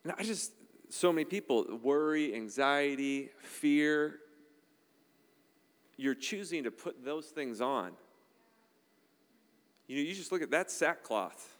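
A man's voice: fairly high pitch, lively intonation, slow pace, long pauses, clear, resonant tone, in a large hall. A man preaching a sermon in a conversational, emphatic style, checking in with the congregation often. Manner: emphatic, conversational preaching with frequent "all right?" asides. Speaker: pastor.

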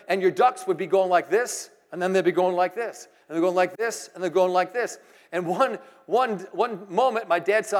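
Middle-aged man, preacher, high voice, animated sermon storyteller with big loud-soft swings, long hall reverb. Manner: animated storytelling, swings between loud exclamations and hushed asides.

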